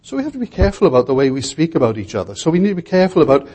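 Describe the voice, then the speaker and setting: A male preacher delivering an expository sermon with a mellow, husky voice. He speaks in a measured way and keeps asking his listeners rhetorical questions. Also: fairly high pitch, very animated.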